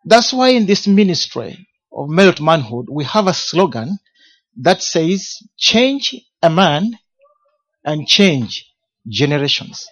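A man's voice: a little high, very animated, slow pace, a bit bright. A man preaching a sermon as a personal testimony, emphatic, repeating key words and asking rhetorical questions. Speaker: minister of a men's ministry. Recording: dull lo-fi recording.

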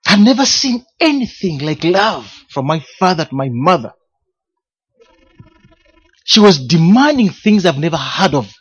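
Animated husky man preaching. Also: fairly high pitch, unhurried, pauses often. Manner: emphatic, repeats key words, rhetorical questions. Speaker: minister of a men's ministry. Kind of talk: sermon, personal testimony. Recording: dull lo-fi recording.

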